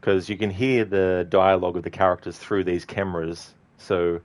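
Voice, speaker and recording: Deep-voiced man chatting over gameplay. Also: fairly even intonation, moderate pace. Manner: laughs often, swears casually, rambling. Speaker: game commentator. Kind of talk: casual gameplay commentary.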